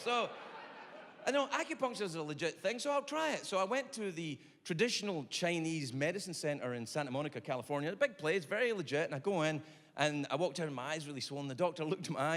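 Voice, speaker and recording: A man performing a stand-up comedy set on stage, telling a story with big shouts and quiet asides. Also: on the high side, expressive, fast talker. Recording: reverberant venue with faint ambience.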